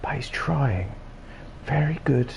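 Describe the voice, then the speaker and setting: A man's voice: mid-range voice, animated, takes it slowly, gravelly, a little hiss or hum. A man giving casual, jokey game commentary with rambling, playful asides. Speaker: gaming streamer.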